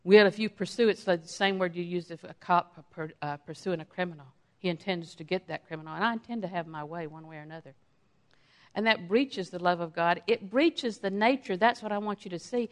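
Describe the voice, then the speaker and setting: A woman's voice: fairly low pitch, a little fast. A middle-aged woman giving a sermon in a conversational way, acting out quotes of her own everyday talk. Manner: conversational preaching with acted-out quotes of herself. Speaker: preacher.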